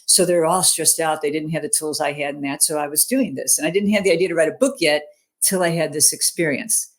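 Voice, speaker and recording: A woman's voice: low voice, fast talker. A middle-aged woman, a mental fitness coach, telling a personal story in an online interview. She speaks earnestly and keeps checking in with "you know", "okay?" and "right?".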